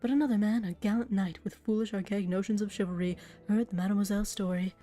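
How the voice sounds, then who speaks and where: A woman voicing a sly male bird investigator who poses as a prince, with a smooth, evasive manner. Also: mid-range voice, fairly even intonation, quick pace, dark tone, lightly acted. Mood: scheming.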